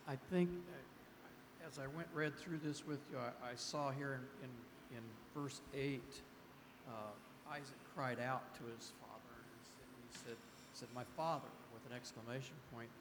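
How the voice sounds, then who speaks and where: A man's voice: medium pitch, fairly even intonation, normal speed, background noise. A man taking part in a Bible study discussion, speaking hesitantly with repeated words. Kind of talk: casual group discussion. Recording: roomy echo with faint ambience.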